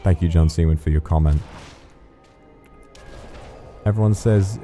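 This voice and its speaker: A man's voice: deep voice, a little slow, mellow, soft background music. A man casually commentating as he streams a game, rambling and swearing playfully.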